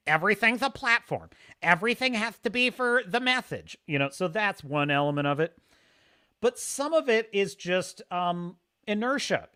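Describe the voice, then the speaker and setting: A man hosting a casual livestream, rambling excitably and reading chat messages aloud. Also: fairly high pitch. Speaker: livestream host.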